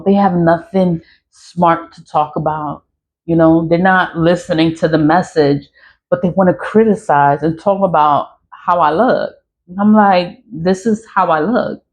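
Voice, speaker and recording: A woman's voice: fairly low pitch, darkish tone, dull audio. A woman in her forties speaking frankly to her phone camera in a casual vlog rant, swearing and laughing often. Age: 40s. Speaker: online creator.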